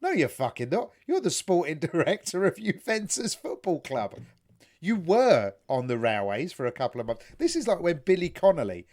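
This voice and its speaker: Animated, laughing British man, lively pitch. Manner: animated, laughs often, swears freely. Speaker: podcast co-host. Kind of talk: casual podcast chat.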